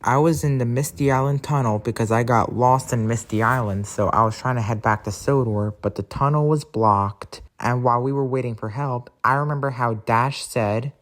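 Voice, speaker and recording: A cheerful, friendly tank engine, voiced by a man who speaks in a chatty, everyday way. It is told as a plain storybook voice at a middling pitch. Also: normal speed, few pauses, close to an everyday voice.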